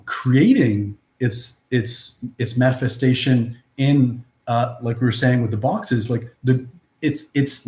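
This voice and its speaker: With a roomy echo around him, a male vlogger rambles through a philosophical monologue that is blunt, profane and full of restarts. His voice is mid-range with a darkish tone.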